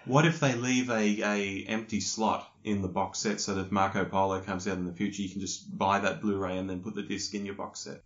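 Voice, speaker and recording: A laconic Australian man with a low voice chats casually as a podcast co-host. He sounds relaxed and unhurried. The lo-fi recording is echoey and dull. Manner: relaxed, laconic, laughs easily. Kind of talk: casual chat. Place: hotel room.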